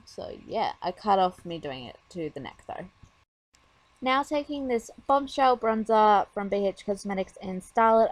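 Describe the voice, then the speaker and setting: A woman talking casually over her makeup tutorial, chatty and rambling with lots of fillers. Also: mid-range voice.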